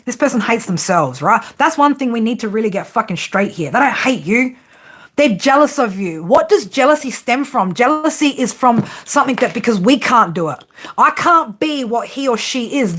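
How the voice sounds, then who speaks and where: A woman's voice: fairly high pitch, animated, normal speed, a bit bright. A woman reading tarot for her viewers, ranting in an exasperated way, swearing constantly, laughing often and asking "right?" again and again. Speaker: psychic tarot reader.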